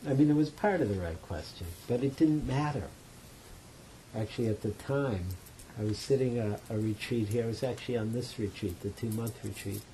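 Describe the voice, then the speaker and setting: A man gives a dharma talk to a retreat audience in a meditation center hall. He tells stories in a loose, chatty way and pokes fun at himself. His voice sits at an ordinary middle pitch, with a faint hiss of noise behind it. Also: brisk. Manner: relaxed, chatty storytelling with self-mocking humor. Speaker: meditation teacher.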